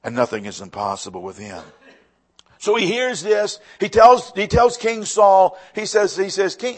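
A pastor delivering a sermon in a high, lively voice. He leans hard into emphatic lines, then drops to a hushed, intimate tone. His pitch rises and falls widely as he preaches. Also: measured pace. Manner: dynamic preaching, swings from loud emphasis to hushed.

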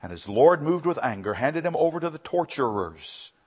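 Husky, lively male pastor preaching. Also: a little high, normal speed. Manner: reads scripture aloud, then explains it with emphatic repetition. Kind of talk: sermon.

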